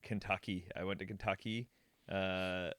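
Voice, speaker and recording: A man, a magician and comedian, chatting casually as a podcast guest and telling animated stories. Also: low voice, normal speed, clear, resonant tone. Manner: animated storyteller, acts out other people's voices. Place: basement.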